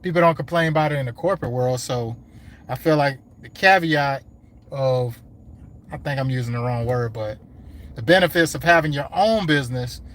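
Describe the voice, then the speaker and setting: A man who runs a landscaping business, chatting casually on a livestream from his truck, rambling and slangy, his voice going hoarse. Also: mid-range voice, moderate pace, fairly bright tone. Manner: rambling, laid-back, slangy talk. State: hungry and losing his voice. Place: inside his truck while driving. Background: faint vehicle road noise.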